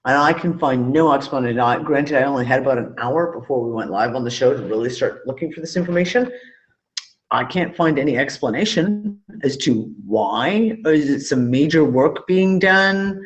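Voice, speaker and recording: A man's voice: mid-range voice, moderate pace. A man co-hosting a live online talk show, casual and loose, trailing off mid-thought and swearing freely. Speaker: podcast co-host. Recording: dull lo-fi call audio.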